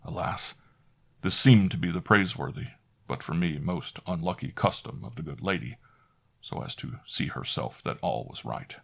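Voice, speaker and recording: A man narrating a classic horror story in first person, measured and dramatic. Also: sits low, expressive, gravelly, fairly bright tone.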